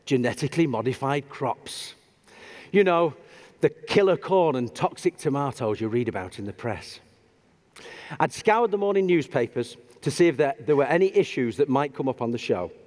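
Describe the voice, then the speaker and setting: A man giving a humorous storytelling talk on stage, animated and self-deprecating. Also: fairly high pitch. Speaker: public speaker. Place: large auditorium stage. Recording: long hall reverb.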